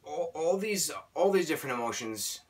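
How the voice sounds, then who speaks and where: A man's voice: a little high, expressive, normal speed, distant mic. A man in his late twenties talking casually in a vlog, emotional and rambling, often restarting his sentences. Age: late 20s. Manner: emotional, rambling, self-correcting. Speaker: vlogger.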